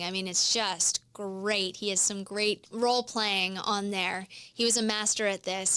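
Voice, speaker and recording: This business podcast host is a woman whose voice is a little high and a bit bright, recorded with no room sound. She teaches in a coaching, explanatory monologue, demonstrating tones of voice.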